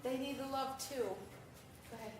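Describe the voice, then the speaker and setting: A woman giving a lively live talk and answering audience questions, speaking conversationally to the crowd. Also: sits high, a little slow. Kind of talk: live presentation with Q&A. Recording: echoey room, mic far off, faint noise.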